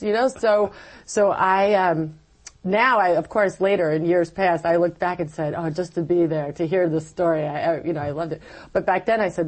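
A middle-aged woman sharing her personal story as a guest, animated and acting out her past self. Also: lowish voice, moderate pace. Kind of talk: personal testimony in conversation.

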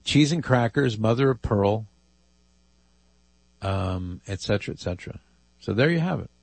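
A man's voice: lowish voice, lively intonation, moderate pace, darkish tone, no echo. A man hosting a call-in radio show, reading listener emails aloud with amused asides. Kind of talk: casual call-in radio talk.

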